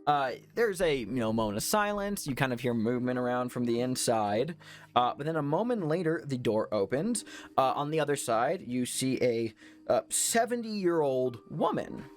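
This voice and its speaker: A man's voice: mid-range voice, sing-song, normal speed. A man narrating as game master, rambling with many fillers. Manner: rambling, lots of ums and likes. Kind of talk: narrating a tabletop horror game.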